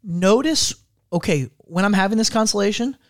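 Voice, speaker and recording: A man in a casual faith discussion, speaking in a calm, instructive, measured way. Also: high-pitched, no echo, studio quality.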